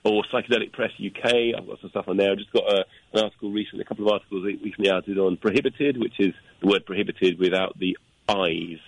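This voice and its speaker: A man's voice: on the low side, fairly even intonation, fast talker, creaky, rough recording. A man, a guest author on a radio talk show, plugging his books with lots of fillers in a rambling way. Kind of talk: casual radio interview.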